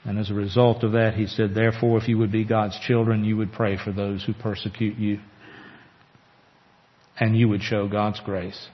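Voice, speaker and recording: A man preaching a sermon as pastor, earnest, with slow emphatic pauses. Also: lowish voice, level tone. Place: church sanctuary. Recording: echoey church hall, dull lo-fi sound.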